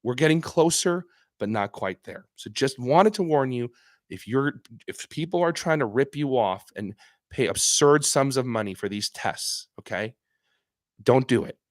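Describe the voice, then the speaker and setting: A man's voice: mid-range voice, animated, unhurried, dry recording, clean studio sound. Earnest man hosting a live stream. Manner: earnest, emphatic, repeats and restarts phrases; acts out patient voices in quotes. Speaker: psychiatrist host answering viewer questions. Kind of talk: casual live-stream talk.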